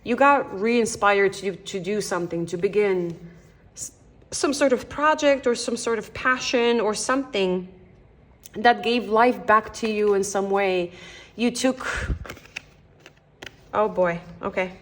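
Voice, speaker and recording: A young Canadian woman giving a casual tarot reading. She talks straight to the viewer in a gentle, encouraging way, thinking aloud and often restarting her sentences. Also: medium pitch, unhurried, long pauses. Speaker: tarot reader.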